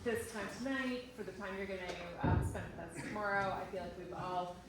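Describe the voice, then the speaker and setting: Woman host, friendly and brief, far from the mic, loud background noise, echoey. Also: medium pitch, brisk. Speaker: event host. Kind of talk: thanking a speaker. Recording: echoey room, distant mic, noisy.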